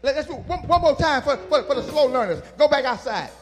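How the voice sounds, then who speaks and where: High-voiced preaching man in a reverberant church. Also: animated, fairly quick, faint music behind. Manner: call-and-response preaching, teasing the congregation. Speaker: pastor. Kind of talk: sermon. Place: church sanctuary.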